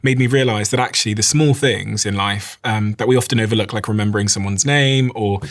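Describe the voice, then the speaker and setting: A male podcast host musing thoughtfully as he responds to his guest. His voice rests a little low, and he weighs each point before moving on. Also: a little fast. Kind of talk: interview conversation.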